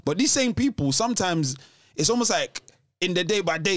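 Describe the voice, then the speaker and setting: A man talks in a lively, animated way, his pitch rising and falling widely as he restarts his thoughts. He sits a bit above the usual male pitch, and the recording is close and dry with no room sound. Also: a little fast, no room sound. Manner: animated, restarts often, laughs between points. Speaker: podcast co-host. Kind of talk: casual chat.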